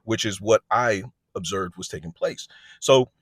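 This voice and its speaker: Brief: male storyteller, husky tone, dry close sound, casual and chatty, keeps checking in with the listener. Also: lowish voice, a little slow, a bit bright, no echo. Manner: conversational, with frequent check-ins and restarts. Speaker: storyteller recounting a work incident.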